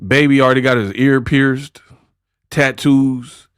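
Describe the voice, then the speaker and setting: Heard first is a man who talks slowly, sitting in dry, close-miked sound. He jokes, laughs often and trades slangy banter with his chat. It is a casual live-stream commentary. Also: mid-range voice, fairly even intonation, smooth, dry recording.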